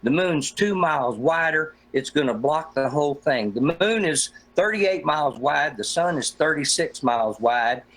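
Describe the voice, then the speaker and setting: A man's voice: a little high, animated, normal speed, few pauses, fairly bright tone, low-quality recording. A middle-aged man from Oregon, talking in a profane, combative and rambling way as a guest in a casual debate chat. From Oregon, USA. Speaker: flat-earth guest in a debate hangout.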